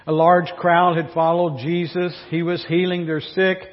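A man's voice: a little high, little pitch movement, measured pace. A male pastor preaching a sermon in a wry, joking way, full of rhetorical questions. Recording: dull recording with long hall reverb.

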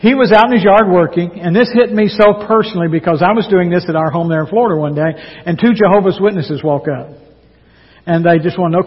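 A man preaching a sermon in an earnest, folksy, slow and emphatic way, sharing the pulpit with another pastor. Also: high voice, slightly rough. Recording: dull lo-fi sound with long church reverb.

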